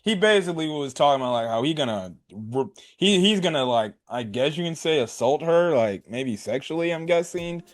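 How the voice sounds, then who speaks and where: A man's voice: on the high side, expressive, normal speed, hardly any pauses. Slangy rambling guy recapping an episode. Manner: slangy, rambling, keeps adding "like", "bro" and "right". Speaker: anime reviewer.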